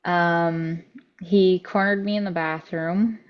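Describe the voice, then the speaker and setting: A woman's voice: on the low side, fairly even intonation, slow pace, muffled recording. A woman guest on a podcast, telling a story casually and bluntly, swearing often and filling with "like". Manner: blunt, profane, frequent 'like' fillers.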